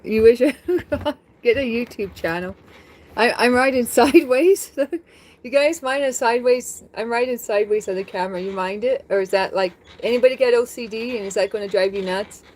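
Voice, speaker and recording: A woman's voice: on the high side, normal speed, darkish tone. A woman chatting casually on a live stream from home, talking straight to viewers and laughing often.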